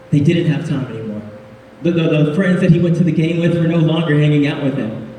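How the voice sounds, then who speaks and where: A man preaching a casual, jokey sermon, laughing often and adding quick asides. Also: fairly high pitch, mellow, a little hiss or hum. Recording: echoey hall, speaker far from mic.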